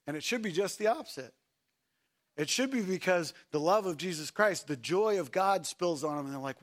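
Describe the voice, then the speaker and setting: With a high, expressive voice at a normal pace, a man preaching as pastor moves back and forth between shouting and soft, quiet delivery. He keeps asking the congregation rhetorical questions.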